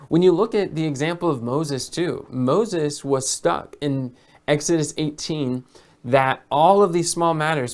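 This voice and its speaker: A man talking as a business coach in a casual monologue, telling stories and often repeating or restarting his words. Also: fairly high pitch. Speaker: business coach for health educators.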